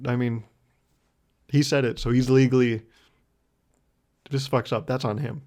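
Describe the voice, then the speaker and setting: A young man talks alone on his podcast, laughing at himself as he rambles through a story. His voice sits at a middling pitch, and his talk is loose and profane. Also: steady tone, normal speed, long pauses, darkish tone. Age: 20s. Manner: rambling, self-mocking, laughs often, swears freely. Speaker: podcast host. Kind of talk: solo comedic storytelling.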